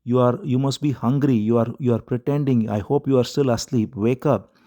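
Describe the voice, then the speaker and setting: A man's voice: medium pitch, steady tone, normal speed, warm tone, close to an everyday voice. A man voicing a grief-stricken young queen in a scripture retelling, pleading and lamenting over her baby.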